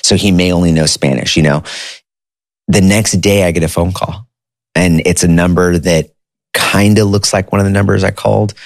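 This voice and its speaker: Low-voiced man telling a personal story. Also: no room sound, clean studio sound. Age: 30s. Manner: animated, conversational, says dude and like. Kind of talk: casual storytelling.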